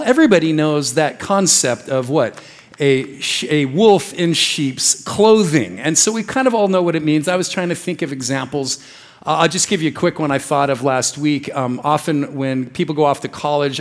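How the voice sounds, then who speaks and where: A young man preaching a casual, joking sermon in a church, acting out little voices as he goes. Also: a little high. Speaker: pastor.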